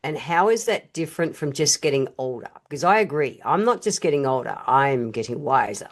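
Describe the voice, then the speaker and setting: A woman's voice: very deep voice, expressive, a little fast. An older woman hosting a podcast interview, asking reflective questions and affirming her guest. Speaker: podcast host.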